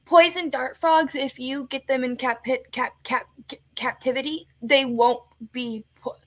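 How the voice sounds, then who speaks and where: Chatty playful woman, bit of a higher voice, trips over words sometimes. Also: steady tone, a little slow, fairly bright tone, no echo. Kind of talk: casual chat.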